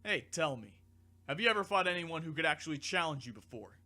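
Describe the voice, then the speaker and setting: A man voicing a calm, dry, teasing alien warrior in a fan audiobook reading, unhurried and mocking. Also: a little high, voice pushed up.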